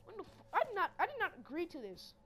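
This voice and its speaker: A woman giving casual gaming commentary while playing with a friend, excitable and trash-talking with loud outbursts, on a headset mic. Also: very high voice, quick pace.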